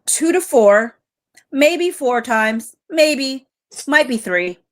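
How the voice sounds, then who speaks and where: A guarded man gives short, hesitant answers under questioning, as a woman reads his part aloud. The voice sits a little high. The delivery is flat and careful, with pauses. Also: full character voice. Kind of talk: live-stream reading of a transcript.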